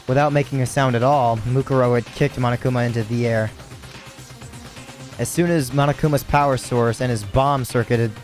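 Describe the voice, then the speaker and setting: A tired man reads a video game's story aloud at an even middle pitch. He trips over words, corrects himself and drops casual asides between the lines. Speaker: let's play narrator.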